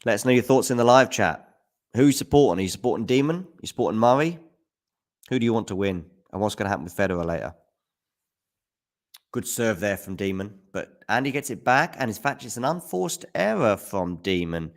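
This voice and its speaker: A man with a fairly low voice casually calls a tennis match on a live stream, speaking fairly quickly with lively intonation and sometimes using a handheld mic. Between points he answers viewers in the chat, and he gets loud at the big shots.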